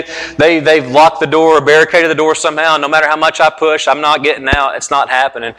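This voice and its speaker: Bright-voiced man preaching in a hall. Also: fairly high pitch, steady tone, fast talker. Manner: earnest storytelling preacher, repeats phrases for emphasis. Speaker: pastor. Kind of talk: sermon.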